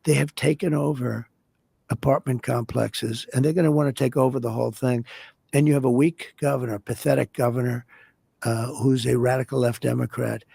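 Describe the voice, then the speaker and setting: A man's voice: mid-range voice, fairly even intonation, normal speed, vocal fry, mellow, breathy edge, no room sound. An older man speaking as a podcast interview guest, blunt and boastful, repeating his points.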